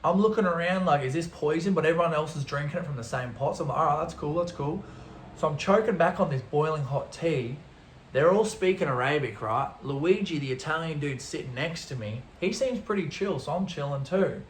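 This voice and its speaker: A young man, a travel vlogger, telling a story casually to camera in an animated way, throwing in sound effects. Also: fairly high pitch, fairly quick, a little hiss or hum. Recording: roomy echo.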